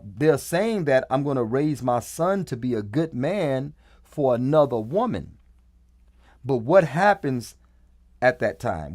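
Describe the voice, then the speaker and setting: A man hosting a casual commentary, hammering home his points and repeating phrases for stress. His pitch swings widely as he talks. The sound is dry and close with no room around it. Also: no echo. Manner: emphatic, repeats phrases, animated. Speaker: host.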